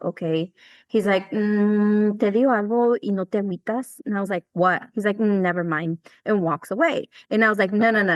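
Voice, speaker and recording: A woman of mid pitch co-hosting a podcast, telling a story as she acts out each line of the dialogue. She swears in passing. The sound is dry and close. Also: no room sound. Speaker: podcast co-host. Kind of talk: casual chat.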